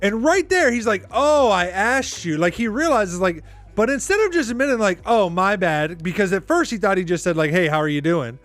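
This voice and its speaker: Podcast host, male, high voice, talks in a loose, exasperated ramble. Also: sing-song, fast, soft background music. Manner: rambling, exasperated, heavy use of "like". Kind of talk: casual reaction commentary.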